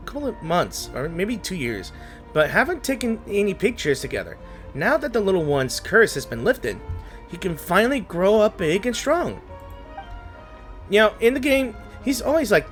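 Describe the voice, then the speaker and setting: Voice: mid-range voice, fairly bright tone. A gaming host commenting on a story game in a casual, rambling, unsure way, often trailing off and restarting thoughts, emotional and close to tears. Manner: emotional, says they feel like crying.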